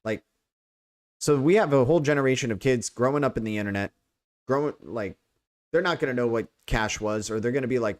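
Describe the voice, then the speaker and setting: A man's voice: mid-range voice, fairly quick. An American man hosting a casual livestream, rambling and checking in with "right?" as he explains. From United States. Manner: rambling, repeats "right?", many fillers. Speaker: crypto livestream host.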